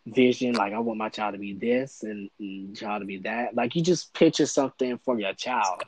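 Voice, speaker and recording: A man's voice: on the low side, moderate pace, dry recording, rough recording. Hesitant young man, dry close sound. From United States. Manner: hesitant, stumbling over his words. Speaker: podcast guest. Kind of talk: casual interview conversation.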